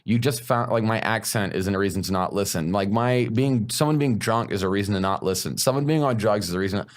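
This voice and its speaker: A man's voice: on the low side, a little fast. A man, a stand-up comedian, talking frankly and bluntly in a casual podcast conversation, swearing freely.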